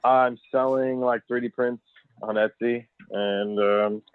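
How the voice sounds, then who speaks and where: A man's voice: mid-range voice, fairly even intonation, slow, smooth, no echo. A man joining a podcast as a guest over a remote call, chatting casually in a loose, rambling way and swearing freely. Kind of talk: casual chat. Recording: tinny phone-like call line.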